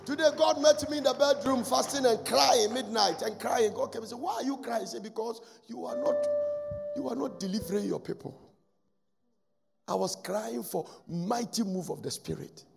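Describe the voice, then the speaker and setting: A pastor preaches with a raised, gravelly voice, surging to loud exhortation and falling to quiet asides. His voice rings out through a long-reverb church hall, with faint music underneath. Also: very high voice, moderate pace. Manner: impassioned preaching, swinging between loud exhortation and hushed asides. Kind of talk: sermon.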